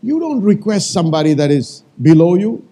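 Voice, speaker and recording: With a high, husky voice that's very animated and a little fast, a man preaches as pastor. He calls out to the congregation, repeats lines for emphasis and at times shouts commands.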